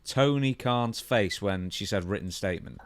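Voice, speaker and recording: A man's voice: lowish voice, normal speed. A British man co-hosting a casual podcast, reading listener questions and adding teasing asides. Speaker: podcast co-host.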